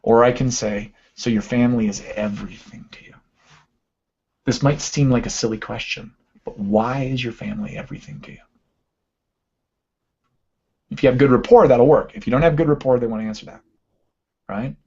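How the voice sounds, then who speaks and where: A man's voice: mid-range voice, normal speed, long pauses, warm tone, breathy edge, dull audio. A man coaching a live online class, teaching a listening technique in a conversational way and often checking in with "right?". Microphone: computer mic on a video call.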